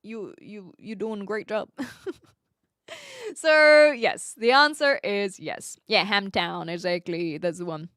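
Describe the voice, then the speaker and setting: A woman's voice: mid-range voice, slow, a bit bright, smooth, no room sound, studio quality. A woman from New Zealand with a Kiwi accent, chatting casually with viewers on a live stream, upfront and laughing often.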